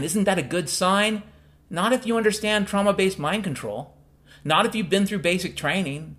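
A man hosting a podcast, delivering an angry, profane political rant that swings between loud outbursts and low muttering. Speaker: podcast host.

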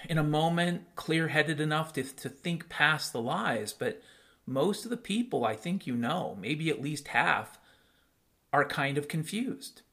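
A man's voice: on the high side, fairly bright tone. A man hosting a solo podcast, talking straight to his listeners in a blunt, sarcastic rant full of swearing and rhetorical questions. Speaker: podcast host.

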